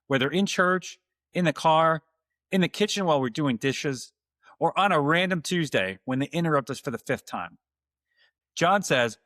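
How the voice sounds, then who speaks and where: A man hosting his own podcast, delivering a calm, earnest, scripted monologue to fathers. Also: mid-range voice, no echo, studio quality. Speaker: podcast host.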